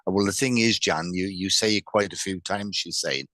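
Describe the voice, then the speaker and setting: A man's voice: low-pitched, sharp tone, no room sound. A man giving a live mediumship reading who stumbles and repeats his words often and passes on spirit messages as quoted speech. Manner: halting, repeats words, many restarts. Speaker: psychic medium.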